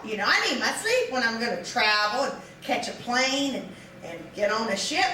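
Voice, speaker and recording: High-voiced woman comic, distant and echoey. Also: pushed and bright. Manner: rambling, self-mocking, frequent fillers and restarts. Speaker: stand-up comedian. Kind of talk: live stand-up routine. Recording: distant echoey live room with audience. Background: audience laughter.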